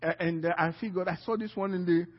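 A man's voice: high voice, fairly even intonation, fast, long reverb tail, highs cut off. A male pastor telling a personal story in a sermon, acting out the dialogue and often repeating his words. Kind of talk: sermon testimony.

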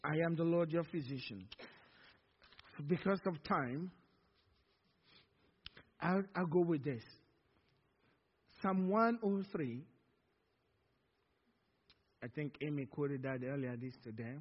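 A man's voice: on the high side, animated, slow pace, long pauses, breathy edge. A male pastor preaching a sermon with call-and-response, stretching out words for emphasis. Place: church sanctuary. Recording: dull lo-fi sound in a reverberant church hall.

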